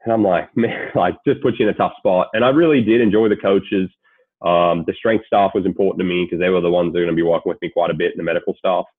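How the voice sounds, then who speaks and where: A man's voice: low-pitched, quick pace, breathy edge, no echo. A man in his late twenties with an Australian accent, a guest telling a story in a laid-back, casual way, swearing freely. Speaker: guest, sports agent. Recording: tinny phone-like call audio.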